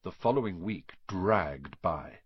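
A man narrates a children's storybook in a husky, lively voice that swings expressively. The recording is dry and somewhat dull. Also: low-pitched, slow, no echo. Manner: expressive, voices each character. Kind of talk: storybook reading.

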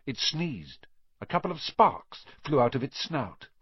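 A man's voice: medium pitch, very animated, a little slow, breathy edge, no echo. A man reading a children's storybook aloud, narrating expressively and voicing each character. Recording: dull dry recording.

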